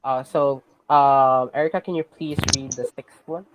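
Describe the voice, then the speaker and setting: A teacher with a Filipino accent giving a class lesson, patiently checking in with students and pausing on fillers. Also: mid-range voice, fairly even intonation, background noise. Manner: patient, checks in with "okay?" often; hesitant, many fillers and restarts.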